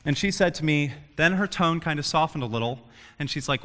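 A man's voice: a little high, fairly quick, long reverb tail. A young man preaching a casual sermon to students, telling stories and acting out quotes. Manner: animated storytelling, acts out quotes. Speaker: youth preacher.

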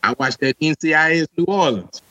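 A man, co-hosting a podcast in casual chat and telling animated stories. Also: fairly high pitch, a little fast, dull audio. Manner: animated storyteller, repeats "let me tell you something". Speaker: podcast co-host.

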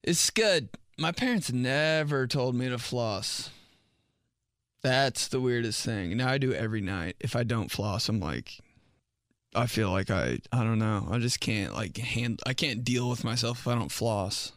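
A man's voice: medium pitch, lively intonation, measured pace, a bit bright, no room sound, studio quality. A man in his twenties telling comic stories in a rambling, filler-heavy way. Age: 20s. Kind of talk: casual comedic monologue.

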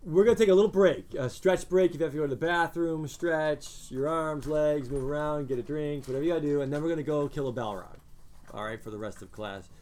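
A man teaching a class, talking to his students in an earnest, animated way. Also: fairly high pitch, fairly quick. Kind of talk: classroom lecture.

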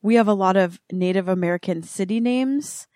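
A woman's voice: medium pitch, moderate pace, a little mellow, clean tone, no room sound, studio quality. A woman co-hosting a podcast, chatting casually, laughing and correcting herself as she goes. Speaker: podcast co-host. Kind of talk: casual chat.

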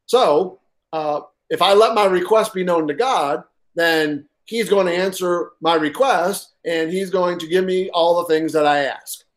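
Delivering a sermon, this pastor has a high voice and a halting manner, often filling gaps with "uh." He repeats key lines and pauses for effect to emphasize his points.

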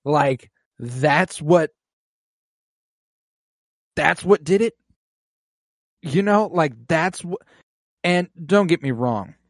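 A man's voice: fairly high pitch, expressive, very slow, long pauses, no echo, studio quality. A man in casual podcast chat, recapping an episode with feeling, swearing freely and saying "like" often.

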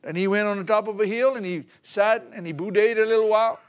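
A middle-aged man, preaching a sermon in a folksy, animated storytelling way. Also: sits high, quick pace, smooth.

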